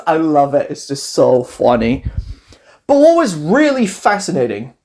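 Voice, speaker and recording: In a mid-range pitch, this casual, rambling commentator is animated and easily amused. He acts out scenes from a card game story with quick quoted voices.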